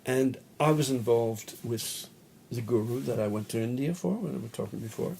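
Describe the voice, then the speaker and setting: Gravelly Australian man telling stories. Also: mid-range voice, normal speed, mellow, a little hiss or hum. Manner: rambling anecdotal storyteller, laughs often, acts out quotes. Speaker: guest musician, bass player. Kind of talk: casual storytelling interview.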